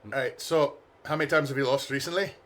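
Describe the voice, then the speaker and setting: A man's voice: mid-range voice, fairly even intonation, fast talker, a bit bright, slight background noise, close to an everyday voice. A man putting on a brash foreigner with a thick accent. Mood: blunt. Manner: teasing, blunt, meddling. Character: brash out-of-town man, tall and nosy.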